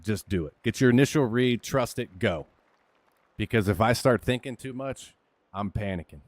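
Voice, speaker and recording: A gaming streamer plays a golf video game and narrates his shots casually in a voice on the low side. He talks at a moderate pace, candidly coaching himself and cursing occasionally, with no echo.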